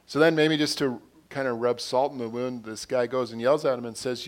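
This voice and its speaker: A man delivering a sermon at a middle pitch, talking it through in a conversational way. He retells scenes by acting out bits of dialogue and often doubles back on his words as he goes. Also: steady tone, brisk, hardly any pauses. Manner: repeats and restarts words. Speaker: pastor.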